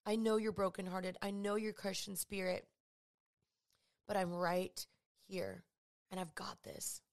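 A woman voicing a gentle, comforting male divine figure, speaking softly and reassuringly. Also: medium pitch, measured pace, pitched below the performer's own voice, natural voice. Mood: tender. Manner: soft, hushed, reassuring.

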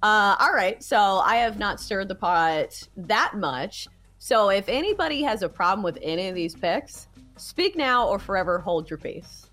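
A woman with a Southern US accent leads a casual football podcast. She is chatty and playful and keeps asking the panel questions. Her pitch rises and falls freely. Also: animated, a little slow, fairly bright tone, soft background music. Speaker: sports podcast host. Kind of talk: casual sports chat.

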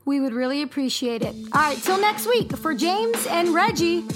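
A woman's voice: high voice, sing-song, normal speed, music in the background. A woman hosting a podcast, chatty and upbeat as she leads the talk. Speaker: podcast host.

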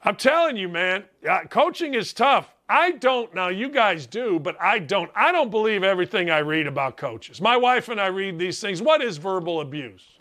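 A middle-aged man riffing as a sports talk host with a high, bright, ringing voice. He talks in animated, sarcastic bursts, jumping from shouted disbelief to low mutters. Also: normal speed. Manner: animated, sarcastic, swings between loud outbursts and asides. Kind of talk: opinionated sports radio talk.

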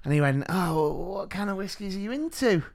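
Animated, laughing man. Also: high-pitched, normal speed. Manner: animated storyteller, acts out quotes, laughs a lot. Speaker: podcast co-host, teacher. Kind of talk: casual chat, storytelling.

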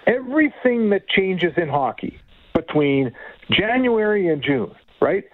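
A fired-up man co-hosting a sports radio show, hammering his points with blunt repetition. His voice sits a little high and sounds dry and close. The sound is squeezed thin, like a phone line. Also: no echo. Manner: emphatic, indignant, repeats for emphasis. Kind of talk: heated hockey talk.

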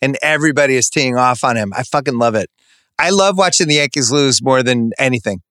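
Bright-voiced man ranting about sports. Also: medium pitch, fairly quick, clear, resonant tone, dry recording, clean studio sound. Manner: animated, ranting, self-interrupting. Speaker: sports podcast host. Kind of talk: casual sports banter.

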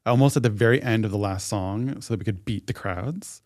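Brisk and fairly low, with a darkish tone, this man is co-hosting a podcast and spinning a story in relaxed chat. His talk is packed with "like" fillers, and the sound is dry and clean, as in a studio.

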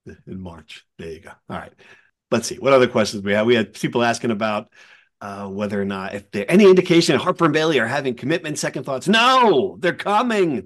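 A man hosting a casual sports podcast, a columnist who tells stories with energy and acts out other people's quotes. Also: brisk. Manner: animated storyteller, acts out quotes in a high voice.

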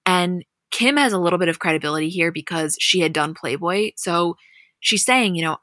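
A woman co-hosting a podcast, chatting casually and retelling scenes in an animated, storytelling way. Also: lowish voice, moderate pace, no echo, studio quality. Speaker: podcast co-host. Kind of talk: casual recap chat.

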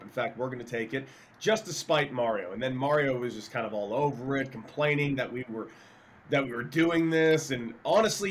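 A man's voice: mid-range voice, slight background noise. A man hosting a sports talk show, telling a teasing story in casual chat.

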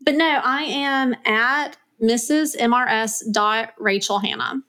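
Woman with a Southern US accent, fairly high. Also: a little slow, clean tone. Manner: laughs easily, relaxed and friendly. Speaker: guest, executive assistant. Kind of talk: casual interview chat.

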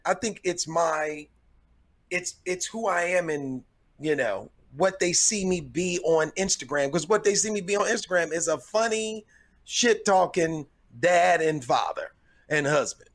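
A man's voice: sits high, unhurried, fairly bright tone. A man comedian in casual conversation who rambles, restarts his sentences and brags with humor. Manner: rambling, self-correcting, boastful humor. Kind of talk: casual podcast chat.

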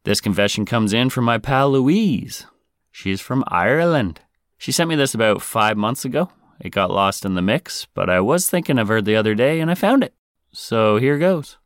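A man's voice: medium pitch, expressive, normal speed, no echo, studio quality. A man hosting a podcast, reading out a listener's confession in a playful, casual way. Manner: playful, breaks into singing. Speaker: podcast host.

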